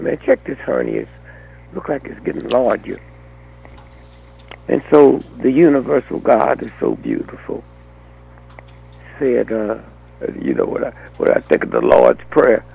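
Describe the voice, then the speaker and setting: An older man telling a long anecdotal story in an animated way, often breaking off with a rhetorical "huh?". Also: mid-range voice, vocal fry, slightly rough, poor audio. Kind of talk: anecdotal monologue.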